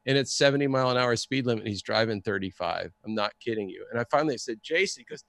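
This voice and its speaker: Animated man telling a story. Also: lowish voice, fast, gravelly, dry recording. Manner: animated, acts out the people he quotes. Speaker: guest storyteller. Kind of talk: casual storytelling.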